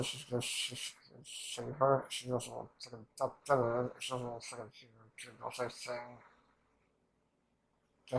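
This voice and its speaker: A man's voice: medium pitch, gravelly, rough recording. A man reacting to an anime episode in rambling, emotional casual commentary, swearing often and restarting his sentences.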